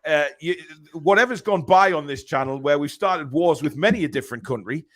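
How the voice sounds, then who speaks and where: Host, male, slightly high voice, rambling chat-reader. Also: lively intonation, a little fast, fairly bright tone. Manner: rambling, chuckling, lots of ums and uhs. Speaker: podcast host reading live chat. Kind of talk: casual chat.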